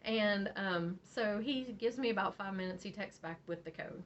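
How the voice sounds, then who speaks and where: A beading channel host from Virginia, and from West Virginia, tells a story casually in her vlog, speaking at a mid-range pitch and moderate pace. She's animated, laughs often and acts out quotes. The audio is slightly dull with faint noise.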